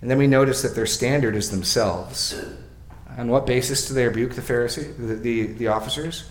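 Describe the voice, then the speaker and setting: A male pastor preaching an expository sermon, swinging from quiet, slow remarks to loud, emphatic readings and acted-out quotes. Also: medium pitch, echoey room.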